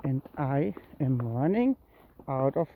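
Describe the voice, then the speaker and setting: Gravelly coaxing cat owner outdoors. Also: big pitch swings, takes it slowly, a little hiss or hum. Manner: coaxing, calls the kitten with high meows. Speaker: cat owner filming a kitten walk. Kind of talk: casual narration while walking. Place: outdoors in woods and grass at dusk. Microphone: handheld phone. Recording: tinny phone-like sound.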